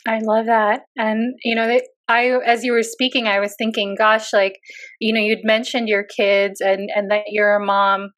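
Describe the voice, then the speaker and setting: A woman's voice: mid-range voice, little pitch movement, normal speed, fairly bright tone. A woman co-host asks her guest thoughtful, searching questions. She speaks in a mid-range voice as she leads the podcast interview.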